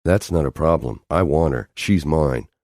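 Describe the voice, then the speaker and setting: A man's voice: extremely low pitch, moderate pace, darkish tone, dry recording, clean studio sound. A man voicing a volatile, possessive male agent in an audiobook, with a snarling, explosive way of talking.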